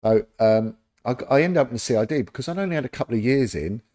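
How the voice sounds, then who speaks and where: A man's voice: mid-range voice, fast talker. A middle-aged man with a London accent, a former detective telling stories in a casual interview and acting out the people in them. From London, England. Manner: animated anecdotes, acting out quoted voices. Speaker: former police detective, podcast guest.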